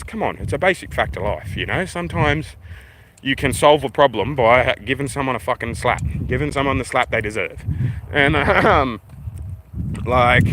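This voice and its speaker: An Australian man chats on a livestream as he strolls through a park, his voice sitting at an ordinary pitch. He rambles easily and swears without a second thought. Outdoor noise is plainly heard around his phone mic. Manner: laid-back, rambling, swears freely. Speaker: livestream host. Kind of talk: casual walking livestream chat.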